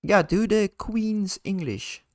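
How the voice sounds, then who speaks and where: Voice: medium pitch, lively intonation, takes it slowly, a little mellow, no echo, studio quality. A channel host relaying viewer questions in casual, hesitant chat. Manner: hesitant, with restarts.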